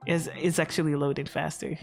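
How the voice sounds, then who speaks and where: A woman's voice: sits low, little pitch movement, a little fast, gravelly, soft background music. A woman streamer chatting casually on a livestream, rambling and joking crudely into her microphone.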